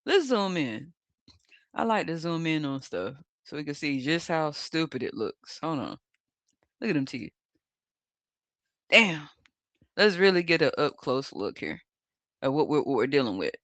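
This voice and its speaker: Mocking, animated host, cursing freely. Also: mid-range voice, unhurried, long pauses, no room sound. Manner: mocking, laughs often, coarse slang. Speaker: tarot channel host. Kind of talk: profane mocking commentary over images.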